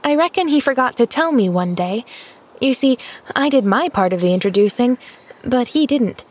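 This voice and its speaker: A woman reading an audiobook, voicing a cheerful, eager and polite little girl who chatters brightly. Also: a little high, expressive, moderate pace, pitched above the performer's own voice.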